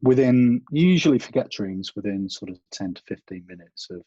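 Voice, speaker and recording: Male therapist guest, deep and husky, patient and halting, dry, dull podcast audio. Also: animated, dry recording. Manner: restarts often, trails off quietly, explains patiently. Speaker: CBT practitioner guest. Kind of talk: casual podcast explanation.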